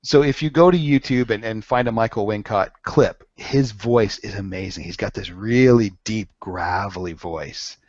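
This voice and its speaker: A man's voice: lowish voice, moderate pace, hardly any pauses, darkish tone, no room sound, lo-fi sound. A man running a tabletop game as game master, explaining and chatting, joking and laughing often.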